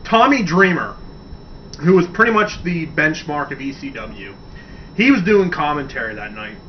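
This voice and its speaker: A radio host talks in a loose, rambling way, excited about his subject and cursing freely. His voice sits a bit high for a man. The recording is dull and set back from the mic, with a faint hiss underneath. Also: moderate pace, far from the mic. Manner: enthusiastic, rambling, swears casually. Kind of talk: casual wrestling talk segment.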